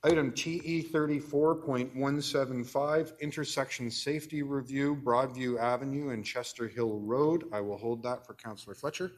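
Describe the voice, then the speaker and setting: Canadian guy chairing a council meeting, reads items fast and dry, mid pitch. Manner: brisk, dry procedural reading with joking asides. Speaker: committee chair.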